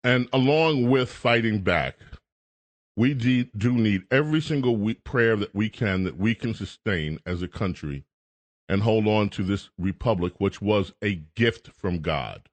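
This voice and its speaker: A man's voice: on the low side, expressive, measured pace. A man hosting a talk radio show, scolding and emphatic in a political commentary rant.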